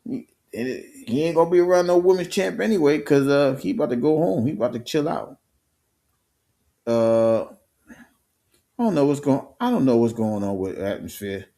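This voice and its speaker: Excitable man hosting a sports chat. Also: medium pitch, moderate pace. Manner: animated, slang-heavy retelling with swearing. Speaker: live stream host.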